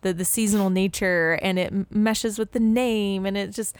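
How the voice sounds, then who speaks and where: A woman's voice: medium pitch, fairly even intonation, moderate pace, clear, resonant tone, no room sound. A young adult woman co-hosting a podcast, chatting enthusiastically and agreeing often. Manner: enthusiastic, lots of agreeing murmurs. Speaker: podcast co-host. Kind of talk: casual chat.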